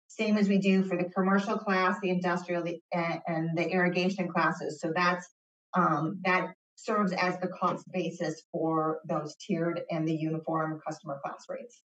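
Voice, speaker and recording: A woman's voice: lowish voice, recorded from a distance. A woman consultant walks methodically through each tier and customer class, one item at a time. She sounds set back from the mic in a roomy space, and the audio is dull and lo-fi. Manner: methodical, listing step by step. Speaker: rate consultant. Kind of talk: public meeting explanation.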